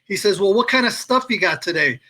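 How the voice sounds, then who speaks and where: Bright-voiced man telling sports stories. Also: high voice, expressive, a little fast. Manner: easygoing storyteller, acts out quotes. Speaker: guest storyteller on sports show. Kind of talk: casual anecdote telling.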